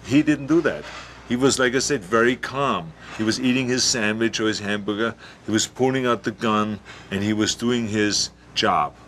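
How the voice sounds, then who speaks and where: Low-voiced man, halting in an interview. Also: a bit bright, slight background noise. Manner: halting, with frequent restarts and fillers. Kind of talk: casual documentary interview.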